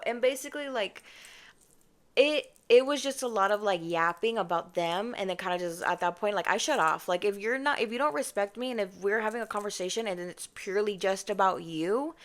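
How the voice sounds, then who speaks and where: A young woman chats through a storytime at a mid pitch, sassy and animated. She calls her viewers babes and y'all and slips into mock voices to act out other people. Her own microphone sits close. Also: a little fast. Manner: chatty and expressive, mimics others with mock voices. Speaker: vlogger. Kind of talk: casual storytime monologue. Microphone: personal microphone.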